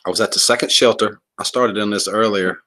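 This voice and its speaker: A man's voice: on the low side, fairly even intonation, brisk, pushed and bright. A man hosting a casual livestream, joking, laughing often and rambling as he greets viewers and reads comments. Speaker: livestream host.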